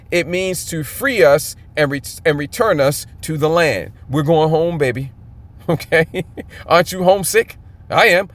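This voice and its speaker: A man's voice: fairly high pitch, fairly bright tone. A man teaching scripture in a fired-up, emphatic way, often checking in with his listeners. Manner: emphatic, keeps checking in with "okay?". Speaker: Bible teacher.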